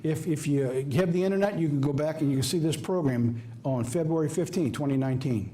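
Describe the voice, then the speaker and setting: A man's voice: on the high side, brisk, mellow, slight background noise. A man with a Southern US accent preaching a sermon, emphatic and folksy, firing off rhetorical questions. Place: church office or studio.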